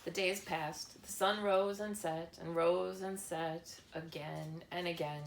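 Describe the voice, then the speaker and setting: A woman narrating a children's novel chapter in a slow, measured reading style. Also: fairly low pitch, steady tone, vocal fry, slight background noise. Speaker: audiobook narrator. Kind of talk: scripted narration. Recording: echoey room with faint ambience.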